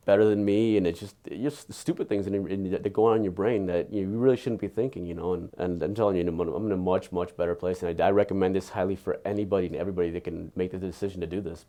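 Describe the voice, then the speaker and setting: A man giving an earnest, candid patient testimonial, halting and often repeating his words. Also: sits low, mellow.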